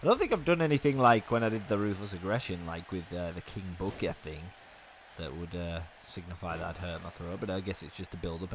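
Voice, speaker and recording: A young man with a hoarse, fading voice, giving fast, chatty commentary on a wrestling video game. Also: lowish voice, slight background noise. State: hoarse, losing his voice. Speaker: gaming YouTuber.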